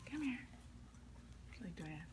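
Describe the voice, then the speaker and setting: A woman's voice: on the low side, very animated, moderate pace. A woman at home coaxing her dog, with a giggly, pet-talk manner. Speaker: pet owner. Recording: noisy home camera recording.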